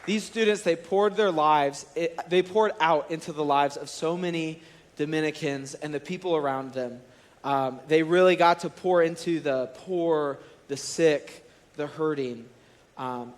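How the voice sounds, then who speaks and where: Storytelling young pastor in a reverberant hall. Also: male voice, on the high side, unhurried. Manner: storytelling, animated and conversational. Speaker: college and students director. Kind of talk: sermon. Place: large church auditorium.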